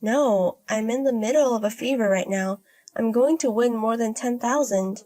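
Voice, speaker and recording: A woman voicing an unbothered young woman who gambles, speaking in a low-key deadpan way in a storybook. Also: moderate pace, soft background music, close to an everyday voice.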